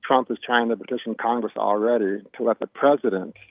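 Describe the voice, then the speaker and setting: A man's voice: medium pitch, fairly even intonation, brisk, no room sound. A man calling into a live show, blunt and repeating himself. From Phoenix, Arizona. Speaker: caller. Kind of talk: phone-in call. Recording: tinny phone line.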